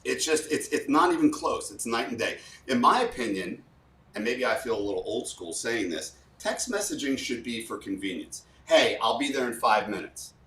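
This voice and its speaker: A man's voice: mid-range voice, big pitch swings, moderate pace, a bit bright. A man, a guest communication coach, explaining emphatically and repeating points for effect. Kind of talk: animated explanation with spoken demos. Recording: roomy sound, far from mic.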